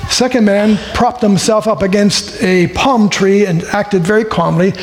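A man's voice: high-pitched, fairly even intonation, a little slow. A man preaching a sermon and telling a joke first, in a chatty, conversational way with asides to the room. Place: church hall. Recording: echoey hall with faint ambience.

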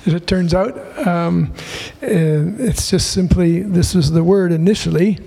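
A man ministering in church, delivering a prophetic word and reading scripture, gentle with light chuckles. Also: sits high, unhurried, gravelly, slightly rough. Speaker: pastor or prayer minister.

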